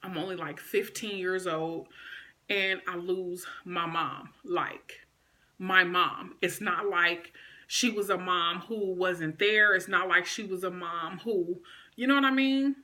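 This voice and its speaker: An adult woman recounting a personal story to her viewers, with a bright, forceful tone. She speaks conversationally and with emotion, leaning on fillers as she goes. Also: fairly low pitch, slow pace. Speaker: vlogger.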